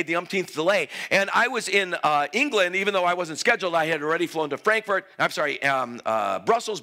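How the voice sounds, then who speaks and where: A man preaching a sermon, telling a story, laughing and rising to shouts. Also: high voice. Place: church hall.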